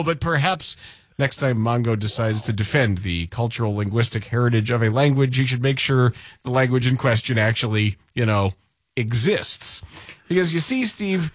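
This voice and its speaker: A man's voice: mid-range voice, no room sound. A man hosting a radio show, reading listener submissions with dry, mocking sarcasm and rhetorical asides.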